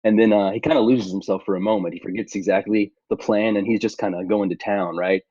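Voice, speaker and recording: A man's voice: lowish voice, fairly even intonation, fast talker, warm tone, dry recording, lo-fi sound. A man playing a tabletop game who narrates his character's actions in a hesitant, rambling way. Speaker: player.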